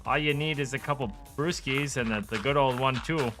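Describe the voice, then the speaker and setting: A man's voice: medium pitch, brisk, fairly bright tone, voice pushed up, close to an everyday voice. A man voicing an easygoing, folksy small-town buddy handing out advice, with music behind.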